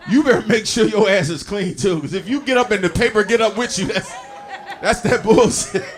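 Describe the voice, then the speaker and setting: A man does stand-up on a club stage in a high voice. His delivery is animated, and he acts out the lines in his story. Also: brisk. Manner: animated storytelling with acted quotes. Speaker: stand-up comedian. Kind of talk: stand-up comedy set.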